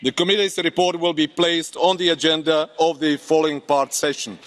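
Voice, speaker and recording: A man chairing a parliament session, calling votes in a halting, procedural manner with many fillers. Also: fairly high pitch, flat delivery, a bit bright. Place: large parliament chamber. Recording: long hall reverb, faint crowd.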